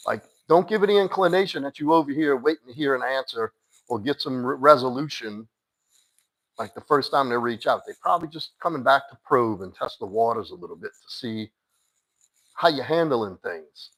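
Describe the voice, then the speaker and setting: A man coaching a listener through a breakup, blunt and insistent. He keeps his voice at an ordinary middle pitch. His talk is casual and direct, with the odd curse word dropped in. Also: expressive, moderate pace, a bit bright, poor audio. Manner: addresses a listener by name, firm and insistent. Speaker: dating coach. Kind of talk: live-stream advice talk.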